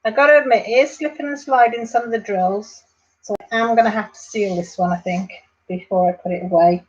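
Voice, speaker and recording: Woman, casual craft livestream chat, reads viewer comments, medium pitch, dull lo-fi audio. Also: a little fast.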